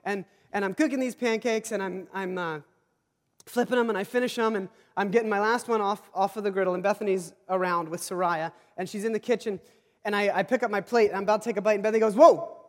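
A male pastor with a fairly high voice tells a rambling, self-deprecating story in his sermon. He stumbles and restarts often. His voice rings with the long reverb of a large hall. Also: fairly even intonation, quick pace.

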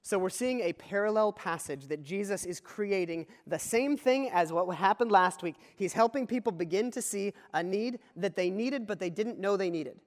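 A man's voice: high-pitched, moderate pace, hardly any pauses, in a large hall. A man preaching a conversational sermon as pastor, often repeating key phrases.

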